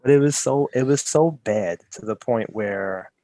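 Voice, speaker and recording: A man's voice: mid-range voice, moderate pace, warm tone, a little hiss or hum. A man co-hosting a podcast from home over a video call, telling a rambling story with many restarts. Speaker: podcast co-host. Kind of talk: casual podcast chat. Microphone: home setup on a video call.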